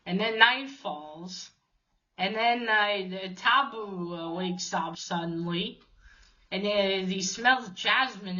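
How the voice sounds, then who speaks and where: A woman talks through a comic book plot in a slow, unhurried way, often pausing and restarting her sentences. Her voice is bright and a little tense. The recording sounds dull and lo-fi. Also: mid-range voice. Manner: hesitant, many fillers and restarts. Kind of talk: casual retelling of a story.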